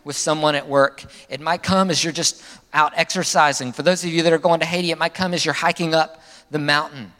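A male pastor delivering a sermon in an animated manner, his pitch jumping up for emphasis and sinking low at the end of phrases. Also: a little fast, long reverb tail.

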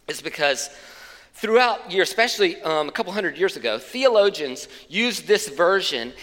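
Bright high-voiced preacher in a big hall. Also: male voice. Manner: conversational, plain-spoken preaching with asides. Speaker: pastor. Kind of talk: sermon.

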